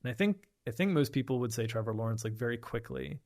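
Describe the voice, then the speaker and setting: A man's voice: medium pitch, animated, fast, a little mellow. A young man from South Florida, a podcast guest, talking in a loose, rambling way with lots of "like" and "yeah". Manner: rambling, heavy on filler "like" and repeated "yeah". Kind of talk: casual conversation.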